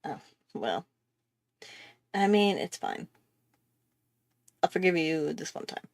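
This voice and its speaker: A woman's voice: sits low, expressive, takes it slowly, no echo. Woman rambling while she draws, pokes fun at herself, lots of little laughs, dry mic. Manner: chatty, self-mocking, laughs often. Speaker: artist hosting a drawing livestream. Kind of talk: casual chat while drawing.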